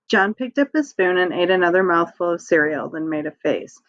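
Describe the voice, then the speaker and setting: A woman reading a novel aloud as audiobook narration, calm and measured. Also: fairly low pitch, lo-fi sound. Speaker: audiobook reader.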